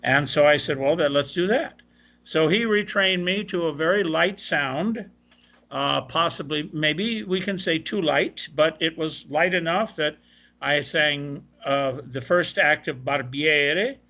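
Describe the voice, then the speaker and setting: A man's voice: fairly high pitch, unhurried. An older man from Ohio, a tenor, telling stories in an interview and quoting the people he met along the way. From Ohio, USA. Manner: animated anecdotal, quoting others. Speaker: guest, opera tenor. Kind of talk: interview storytelling.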